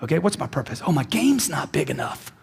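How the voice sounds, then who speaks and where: A man's voice: on the high side, a little fast, gravelly, husky. A man giving a motivational speech to a live audience, talking emphatically, repeating lines for effect and acting out conversations. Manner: animated, repeats lines for emphasis and acts out dialogues. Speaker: motivational speaker. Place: large hall with live audience. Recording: long hall reverb from a stage.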